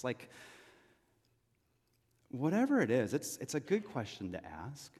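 A man's voice: mid-range voice, wildly swooping pitch, a little slow, long pauses, a little mellow, husky. A man from California preaching a sermon as pastor, telling it conversationally with asides and questions to the congregation. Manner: conversational storytelling with frequent asides and rhetorical questions. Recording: long reverb of a large hall.

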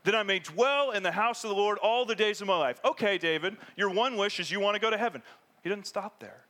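An animated pastor with a high-sitting voice preaches a brisk sermon, swinging from loud emphasis down to hushed near-whispers and acting out prayers in quoted voices.

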